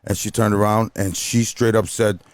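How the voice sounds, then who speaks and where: A man from Chicago telling a story on a podcast in an animated, profane way, full of "bro" and "you know". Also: on the low side, moderate pace, dry recording. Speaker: DJ guest.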